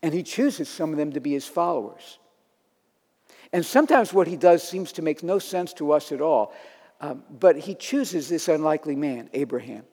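A man's voice: on the high side, lively intonation, normal speed, dark tone. A man preaching a sermon in a conversational, storytelling manner, acting out quotes as he goes. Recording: long reverb of a large hall.

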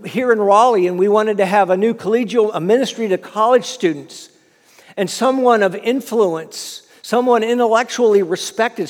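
A man preaching a sermon, telling the story in an animated way and often repeating words. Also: sits high, long reverb tail. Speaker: preacher, fundraising minister.

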